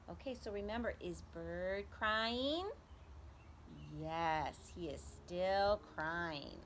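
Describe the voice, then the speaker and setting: A young adult preschool teacher reads a story aloud to children in a voice on the low side, extremely slowly, with slight background noise. She is animated and asks the children questions.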